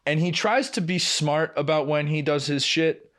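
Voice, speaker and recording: A man's voice: fairly high pitch, moderate pace. Foul-mouthed young man telling stories. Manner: profane, animated storyteller who acts out quotes. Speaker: podcast co-host. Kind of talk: casual storytelling chat.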